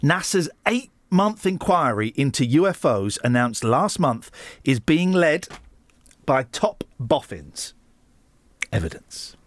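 A man's voice: mid-range voice, big pitch swings, slow, no room sound. A man hosting a radio breakfast show, bantering and telling jokey stories in a studio. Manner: playful, teasing, jokey storytelling. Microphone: studio microphone.

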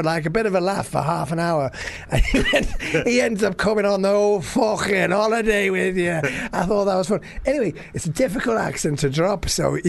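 A man's voice: high voice, creaky. A man co-hosting a comedy podcast, telling stories in a casual chat, laughing often and swearing freely. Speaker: podcast co-host.

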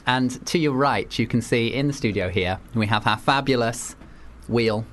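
A man's voice: mid-range voice, normal speed, a bit bright. A young man hosting a radio show, teasing and playful with lots of restarts. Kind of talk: casual comedic chat.

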